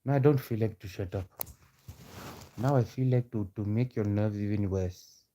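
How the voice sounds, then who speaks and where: A man's voice: on the low side, normal speed, mellow. A man delivering a confrontational street rant, taunting and challenging his listeners and repeating himself. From South Africa. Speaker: protester.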